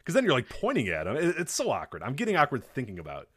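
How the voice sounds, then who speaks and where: Animated, fast-talking man telling stories. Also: mid-range voice, slightly rough, no room sound, studio quality. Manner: animated storyteller, acts out quotes, laughs often, swears. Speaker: podcast co-host. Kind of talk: casual chat.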